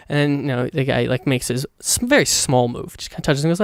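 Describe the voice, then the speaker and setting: A man's voice: mid-range voice, fairly quick, hardly any pauses, smooth, no echo, clean studio sound. A man hosting his own podcast, giving a casual, rambling, profane movie review full of fillers. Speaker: podcast host.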